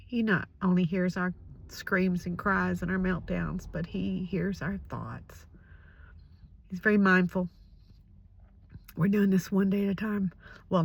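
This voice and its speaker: Emotional older woman, halting and hushed. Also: fairly low pitch, vocal fry, husky, no echo, lo-fi sound. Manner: emotional, halting, often dropping to a whisper. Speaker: vlogger sharing a personal story. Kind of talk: personal spoken reflection.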